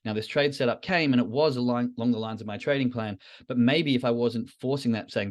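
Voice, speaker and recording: A man's voice: medium pitch, brisk, hardly any pauses. A man hosting a podcast, talking candidly and self-critically to a live chat, often repeating phrases for emphasis. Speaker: trading podcast host. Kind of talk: reflective solo talk to a live chat.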